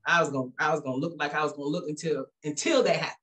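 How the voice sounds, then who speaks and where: A woman telling her church testimony in a casual, animated way, acting out quoted voices. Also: rapid-fire. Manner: animated, acts out quoted voices with big pitch jumps; casual speech with frequent restarts. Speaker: guest giving a church testimony. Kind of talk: personal testimony, conversational storytelling.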